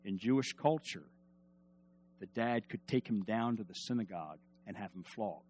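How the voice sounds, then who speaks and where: A man preaching a sermon in an emphatic, animated way, asking the congregation to respond. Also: fairly low pitch, normal speed, a little hiss or hum. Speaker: pastor.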